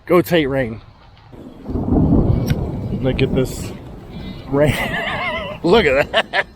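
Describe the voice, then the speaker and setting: A fairly high-voiced man chats through a casual outdoor farm vlog. He sounds a little out of breath as he hurries, and he talks straight to his goats. Faint outdoor noise sits behind him. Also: drawn-out words, pauses often. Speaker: homesteading vlogger.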